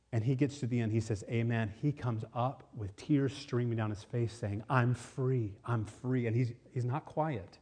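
A man preaching a sermon, telling a personal story in an animated way with many restarts. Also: medium pitch. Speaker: pastor.

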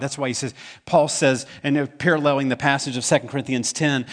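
A man's voice: mid-range voice, fairly even intonation, moderate pace. A man preaching a sermon as pastor, talking in a conversational way and asking the congregation questions. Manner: acts out quoted voices in the stories.

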